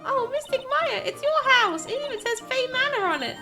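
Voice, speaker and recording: A woman doing a squeaky, gushing little girl. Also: lively intonation, normal speed, over music. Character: timid little girl, sweet and excitable.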